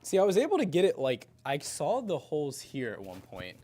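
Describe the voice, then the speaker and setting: A man's voice: fairly high pitch, wildly swooping pitch, brisk, warm tone. A man helping build a computer on a stream, chatting casually and musing his questions aloud. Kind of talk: casual chat while building.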